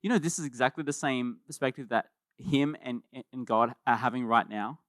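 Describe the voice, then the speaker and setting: A man preaching a sermon as pastor, in a conversational and animated way, often repeating words as he starts a thought. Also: medium pitch, moderate pace, no echo, clean studio sound.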